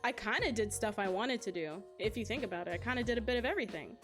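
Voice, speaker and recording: A young woman with a fairly high voice chats to her stream audience in an animated storytelling way. She laughs often through her telling. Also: fast talker, faint music behind. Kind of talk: casual stream chat.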